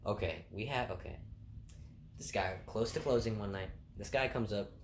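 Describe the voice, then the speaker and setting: Young male vlogger, lowish pitch, loose chatty storyteller who laughs at his own anecdotes. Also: lively intonation, moderate pace, vocal fry, a little hiss or hum. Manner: rambling, laughs at own stories, swears casually. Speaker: food court worker. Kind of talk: casual storytelling.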